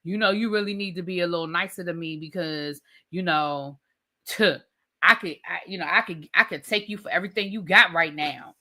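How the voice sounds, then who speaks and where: A woman voicing a pushy, smug adult male gigolo in a slightly lower, quieter voice while retelling a TV scene. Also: fairly quick.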